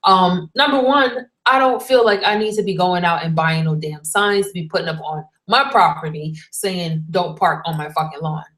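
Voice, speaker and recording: A woman's voice: fairly low pitch, normal speed, hardly any pauses, fairly bright tone, reverberant. A young woman venting in a blunt, exasperated rant to her camera, swearing freely as she tells her story. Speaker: vlogger.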